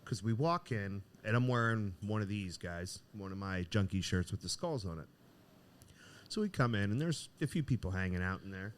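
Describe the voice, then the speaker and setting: Man, middle-aged, low voice, lively storyteller in casual podcast chat. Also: normal speed, slight background noise. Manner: animated, acts out the voices in his story. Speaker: podcast co-host. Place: cigar shop.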